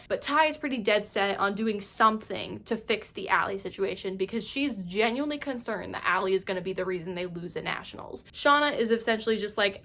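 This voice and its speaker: A woman's voice: mid-range voice, a little fast, few pauses, fairly bright tone. Chatty woman recapping a TV show. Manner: chatty, filler-heavy, acts out characters' lines. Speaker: recap YouTuber. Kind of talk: casual narrated TV recap.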